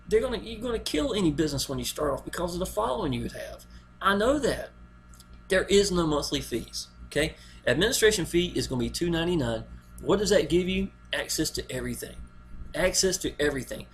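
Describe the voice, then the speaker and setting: A man's voice: high-pitched, big pitch swings, fairly quick, soft background music. A man, promoting a network marketing plan in a folksy, rambling way and talking straight to the viewer. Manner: folksy, rambling, keeps saying "y'all". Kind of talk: casual video pitch.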